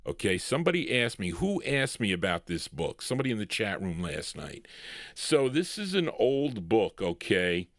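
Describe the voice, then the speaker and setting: A man's voice: fairly low pitch, big pitch swings, moderate pace, no echo. A man hosting a live oldies record show, talking casually between songs, rambling and correcting himself as he goes. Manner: rambling, self-correcting, chatty. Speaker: radio show host spinning records.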